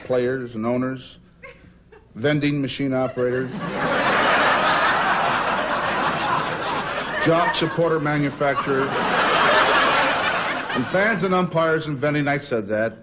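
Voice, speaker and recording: A man giving a mock-sincere roast tribute with a deadpan, earnest delivery, on a 1970s TV broadcast with faint hiss. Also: mid-range voice, slow, long pauses. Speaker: roast speaker.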